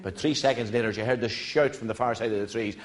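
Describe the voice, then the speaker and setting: A man's voice: fairly low pitch, steady tone, quick pace, heavy background noise. An Irish man telling jokes in a rambling stand-up style, wandering off into side stories and chuckling through them. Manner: digressive, chuckling through his own stories.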